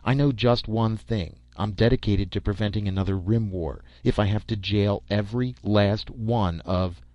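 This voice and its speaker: An earnest, anxious admiral, voiced by a male storyteller, who turns curt when things go wrong. His voice has a low, dry tone with dull, lo-fi sound. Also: normal speed, no echo, natural voice. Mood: troubled. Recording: dull lo-fi recording.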